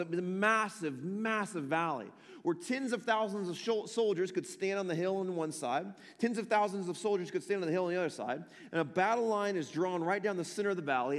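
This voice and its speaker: Male pastor, high voice, emphatic storyteller who repeats lines for weight, long hall echo. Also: a little fast, few pauses. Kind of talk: sermon.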